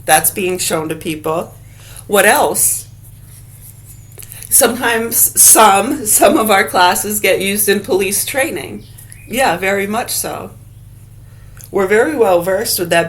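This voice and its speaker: A woman vlogging straight to camera in a blunt, profane rant with rambling casual asides. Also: mid-range voice.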